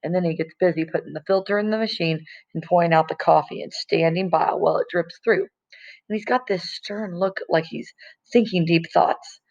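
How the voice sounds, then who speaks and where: A woman's voice: fairly low pitch, moderate pace, a little mellow. A woman reading a novel chapter aloud in a casual, conversational way, in a dull lo-fi recording. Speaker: audiobook reader.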